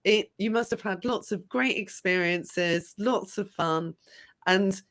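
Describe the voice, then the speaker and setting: A woman's voice: mid-range voice, slow, fairly bright tone. A woman, from the UK, hosting an interview and responding with motivational, encouraging remarks. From United Kingdom. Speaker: interview host. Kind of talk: upbeat conversational interviewing.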